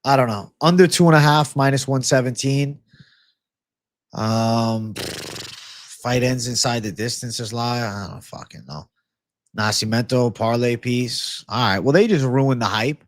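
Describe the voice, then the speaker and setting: A man's voice: mid-range voice, unhurried, no room sound, clean studio sound. A man hosting a live-streamed MMA betting show, ranting with profanity to his chat about fight props. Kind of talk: live-stream prop picks talk.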